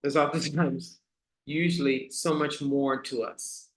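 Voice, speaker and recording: A woman hosting a casual motivational talk for her online community, asking rhetorical questions and repeating key lines slowly for emphasis. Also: extremely low pitch, fairly even intonation, roomy sound. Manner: conversational, asks the audience rhetorical questions. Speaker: host.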